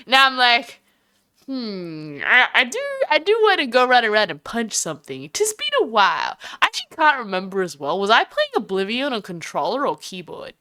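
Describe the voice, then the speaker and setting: A woman's voice: fairly high pitch, sharp tone, clean tone. A young Australian woman chatting casually and bubbly on a live stream, rambling and giggling between thoughts.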